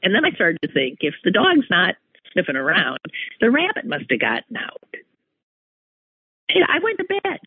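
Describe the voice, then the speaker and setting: A man telling a personal anecdote in an animated, exclaiming way, breaking off and restarting mid-sentence. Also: sits high, moderate pace, long pauses, husky, no room sound. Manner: animated, exclaiming, self-interrupting. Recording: tinny phone-like line, dry.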